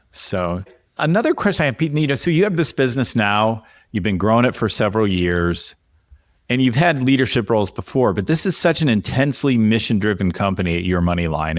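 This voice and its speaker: A man's voice: lowish voice, no room sound. A man hosting an interview podcast on leadership, speaking in a reflective, conversational way and asking long questions. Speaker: podcast host and leadership coach.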